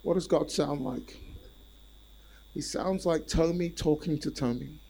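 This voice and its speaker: A male preacher delivers a sermon with a slightly high voice. He repeats key phrases and calls out to his listeners for responses. His delivery swings between soft asides and forceful emphasis. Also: measured pace, gravelly, husky, rough recording. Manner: animated, repetitive, calls on the congregation.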